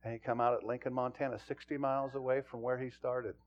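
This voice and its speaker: A man who is a pastor and police chaplain, preaching a sermon that swings from quiet and low to loud and emphatic. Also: little pitch movement, fast talker, muffled recording.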